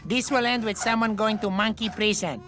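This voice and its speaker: A woman's voice: mid-range voice, moderate pace, fairly bright tone, faint music behind, natural voice. An actress playing an exasperated female cartoon overseer who talks in a dry, weary way.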